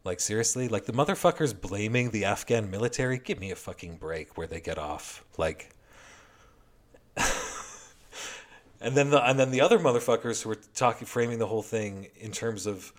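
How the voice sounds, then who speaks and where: A man's voice: on the low side, lively intonation, normal speed. A man giving a heated, heavily profane and sarcastic political commentary rant.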